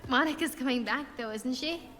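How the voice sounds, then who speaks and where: An actress playing an outspoken, indignant high school girl who writes for the school paper. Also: moderate pace, fairly bright tone, a little hiss or hum. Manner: blunt, indignant. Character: frustrated outspoken teenage girl reporter. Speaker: high school student journalist.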